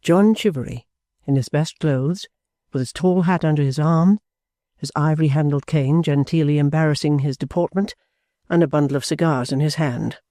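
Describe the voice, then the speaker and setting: This audiobook narrator reads a classic novel at an even, measured pace. The voice is mellow and relaxed, recorded dry and close with no room sound. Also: mid-range voice, dry recording.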